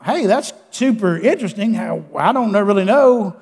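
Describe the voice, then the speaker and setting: A preacher playing a chirpy school principal, coaxing and curious. His voice sits high, with long reverb trailing off each line. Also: animated, normal speed, darkish tone, breathy edge.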